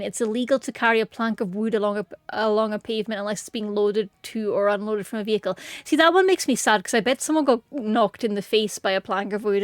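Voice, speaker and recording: A woman's voice: medium pitch, dry recording. A woman chatting casually and rambling playfully on a game stream, giggling often. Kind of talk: casual gaming stream chat.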